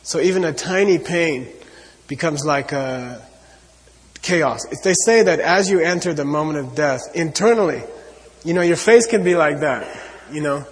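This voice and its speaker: A Buddhist teacher with a slightly high, expressive voice gives an earnest spiritual talk to an audience at a moderate pace. He repeats his points and often says "you know," and the sound suggests a large room.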